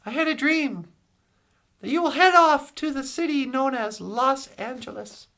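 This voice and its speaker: A woman's voice: high voice, unhurried, pushed and bright, exaggerated voice. A woman voicing a stern, traditional old grandfather in a joke she tells, speaking solemnly and giving commands.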